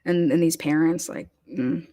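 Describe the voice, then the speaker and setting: A woman's voice: deep voice, steady tone, a little slow, warm tone. A woman hosting a casual livestream chat, talking loosely with many fillers and restarts as she reads comments. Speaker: host.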